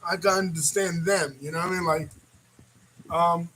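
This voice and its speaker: High-voiced animated man rambling casually. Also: normal speed, slight background noise, low-quality recording. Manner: animated, rambling, laughs often. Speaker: reaction video host. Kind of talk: casual reaction commentary.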